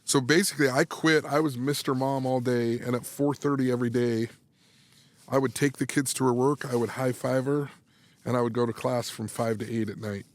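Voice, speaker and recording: A sports psychology coach in his thirties tells a story during a casual podcast interview, animated as he restarts phrases and performs the dialogue. He talks briskly at a medium pitch, with no room sound.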